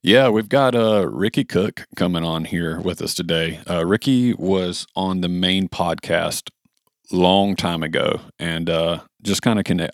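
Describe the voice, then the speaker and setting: American male host, gravelly deep voice, folksy and enthusiastic. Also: no echo, studio quality. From United States. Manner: enthusiastic, folksy, lots of fillers. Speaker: podcast host. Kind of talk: casual podcast chat.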